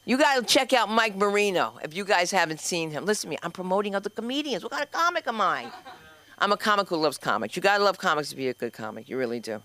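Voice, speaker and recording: A woman's voice: mid-range voice, big pitch swings, fast, pushed and bright. A woman from New Jersey with a New Jersey accent, the school's owner, hosting a stand-up show in a brash, profane, rambling way. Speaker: comedy school owner and host. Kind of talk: stand-up comedy. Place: comedy club stage.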